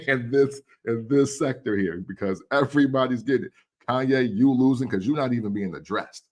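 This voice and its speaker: A man in his forties hosting a casual commentary show, laughing often and acting out quick quotes. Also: mid-range voice. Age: 40s. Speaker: podcast host.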